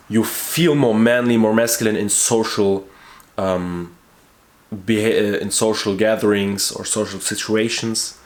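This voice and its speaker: A man speaking on the low side addresses the camera earnestly as a YouTuber. He stresses key words by repeating them and restarts sentences while searching for the right words, in a room with noticeable echo.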